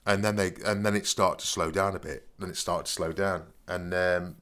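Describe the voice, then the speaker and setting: A man's voice: deep voice, fairly even intonation, normal speed, fairly bright tone. A man telling a rambling story in casual chat, full of stammering restarts and "you know what I mean". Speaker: podcast co-host.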